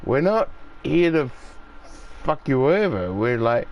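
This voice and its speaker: A man's voice: medium pitch, big pitch swings, unhurried, a little mellow. An Australian man chatting casually on a gaming stream, rambling and swearing freely as he tells stories. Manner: swears freely, acts out voices when telling stories.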